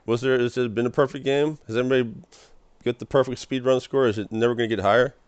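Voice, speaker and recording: A man's voice: mid-range voice, fairly even intonation, quick pace, smooth, no echo, dull audio. A young man rambling through an emotional personal monologue in a small room, stammering and repeating his words. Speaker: vlogger.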